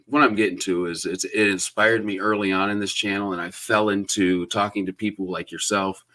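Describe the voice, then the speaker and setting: A low-voiced man hosts a casual livestream interview, warm in his eagerness and full of fillers and restarts. He rambles along cheerfully, heard over a video call connection. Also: steady tone, a little fast. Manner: enthusiastic, rambling with many fillers. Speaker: host.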